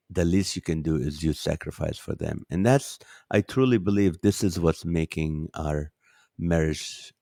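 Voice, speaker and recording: A middle-aged comedian hosting his own podcast, telling a personal story with relaxed, faith-centered warmth. His voice sits very low, and the sound is dry and close. He slips into the voices of the people in his story as he goes. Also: dry recording. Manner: chatty, acts out quoted dialogue. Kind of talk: casual storytelling monologue.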